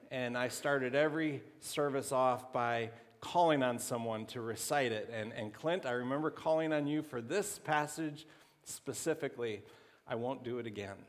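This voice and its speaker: A man preaching a sermon to his congregation as pastor, talking in a conversational, halting way with restarts. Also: medium pitch. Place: church sanctuary. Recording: long hall reverb.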